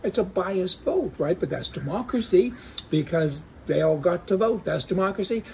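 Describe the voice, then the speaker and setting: A man's voice: high voice, animated, moderate pace, dark tone, slight background noise. A man giving a casual opinion monologue on the news, folksy and sarcastic, with joking asides. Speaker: political commentator.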